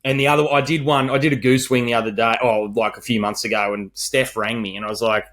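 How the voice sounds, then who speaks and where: A man's voice: medium pitch, quick pace, few pauses. Swearing Australian man telling stories. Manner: swearing, animated storytelling with acted quotes. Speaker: podcast co-host, wedding celebrant. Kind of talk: casual chat.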